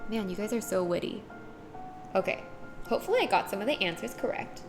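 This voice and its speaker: A woman streamer in casual chat, reading chat aloud and acting out little voices with a giggly, animated manner. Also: mid-range voice, a little fast, soft background music.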